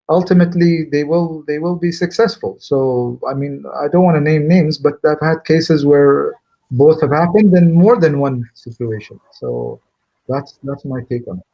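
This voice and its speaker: A man on a panel giving a steady, explanatory answer. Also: on the high side, unhurried. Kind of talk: panel discussion.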